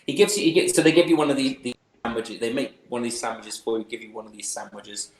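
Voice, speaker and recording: A man's voice: medium pitch, quick pace, a little hiss or hum. Rambling male game master in a roomy space. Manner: rambling, chuckling descriptive narration. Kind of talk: narrating a tabletop game.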